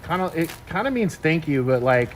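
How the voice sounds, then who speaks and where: A man's voice: a little high, big pitch swings, fairly quick, slight background noise. A young man streaming while opening card packs, joking playfully with friends. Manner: playful, self-mocking, laughs often. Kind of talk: casual banter on a livestream. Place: indoor room with buzzing lights. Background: faint light buzz.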